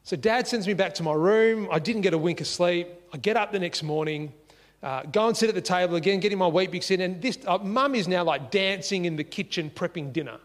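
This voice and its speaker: An Australian man telling a personal story in a lively, conversational way, acting out the dialogue as he goes, seated at home at a dining table. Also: sits high, fairly quick, long reverb tail. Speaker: speaker sharing a life story.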